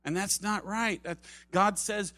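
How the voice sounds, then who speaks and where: A man delivers a sermon with a lively, conversational energy. His voice sits a little high, and he drops low and soft to drive points home. The sound is close and dry, with faint music underneath. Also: a little slow, no echo. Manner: animated, acts out quoted voices, drops to soft tones for emphasis. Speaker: pastor. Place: church service.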